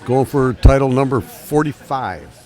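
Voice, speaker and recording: A man giving casual commentary on a bowling tournament, chatty and quick to laugh as he announces the matchups. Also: medium pitch, expressive, mellow.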